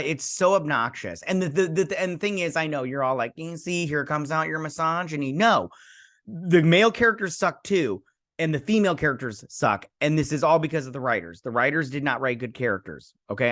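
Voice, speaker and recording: A sarcastic man hosting a review show, rambling through an episode recap. He keeps jumping into quick quoted lines to act out the scenes. His voice sits mid-range, recorded close and dry with no room sound. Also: medium pitch, fairly bright tone, no echo. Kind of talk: casual episode recap and rant.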